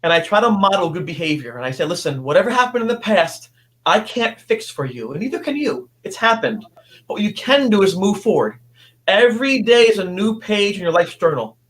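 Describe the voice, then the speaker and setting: A high-pitched man recounts a personal story with earnest intensity, stumbling and restarting often. He sounds like a guest in his fifties speaking on an interview show. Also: big pitch swings, fairly bright tone. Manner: earnest, halting, many restarts.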